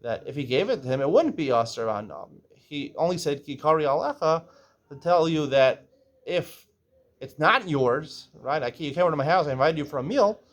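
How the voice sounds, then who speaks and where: A man's voice: fairly high pitch, animated, normal speed. A man teaching a casual Talmud lesson. He reads Aramaic phrases aloud, translates them, and explains each step, often checking in with "right?".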